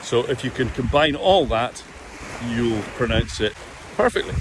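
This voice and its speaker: Lively man coaching pronunciation. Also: medium pitch, background noise. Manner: animated, drawn-out demonstrations of vowel sounds. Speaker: Gaelic speech coach. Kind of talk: pronunciation lesson to camera.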